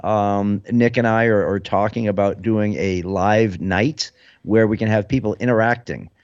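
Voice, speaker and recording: A man's voice: lowish voice, steady tone, normal speed, no echo. Brief: male podcast host, jokey casual banter, dull dry recording. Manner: joking, teasing banter with guests.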